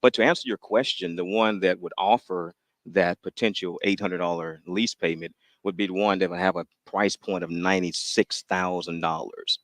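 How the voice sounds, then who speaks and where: A man's voice: low voice, fairly even intonation, normal speed, few pauses, no echo. A man, a dealership's new car director, chatting as a radio guest in a polite, affirming salesman's manner. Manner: polite, affirming salesman, says "yes" often. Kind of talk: casual chat as radio guest.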